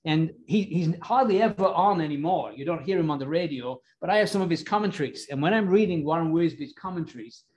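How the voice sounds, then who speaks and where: Conversational male preacher, fairly high voice. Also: lively intonation, a little fast, few pauses, highs cut off. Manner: conversational, asks the congregation questions. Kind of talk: expository sermon.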